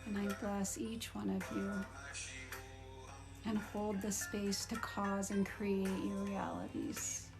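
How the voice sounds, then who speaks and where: A woman hosting a live guided meditation, speaking slowly and softly with blessings and breathing cues. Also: medium pitch, flat delivery, creaky, over music. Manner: slow, soft and soothing; gushing and giggly in farewells. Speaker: spiritual meditation host. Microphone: livestream phone or computer mic.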